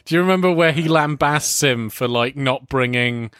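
A man's voice: medium pitch, moderate pace, smooth, dry recording, clean studio sound. A man talking casually about a film with a co-host, acting out the lines he quotes. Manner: animated, acts out quoted lines. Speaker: podcast co-host.

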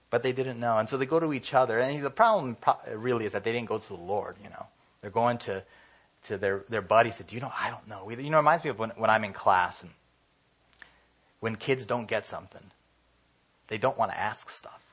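Fairly quick and a little bright, a medium-pitched male voice delivers an easygoing, conversational sermon. He keeps dramatizing people's words and leans heavily on fillers like "you know."

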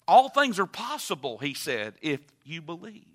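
A man preaching a sermon in a church, moving from quiet teaching to loud, impassioned appeals. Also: moderate pace. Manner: builds from low calm to loud impassioned preaching. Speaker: pastor. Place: church sanctuary.

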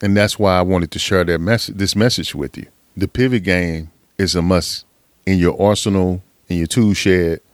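A man delivers a motivational podcast monologue in a low, dry voice. He swears freely, presses his points over and over, and preaches with fired-up conviction. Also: moderate pace, no echo. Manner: profane, fired-up preaching with frequent laughs. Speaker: podcast host.

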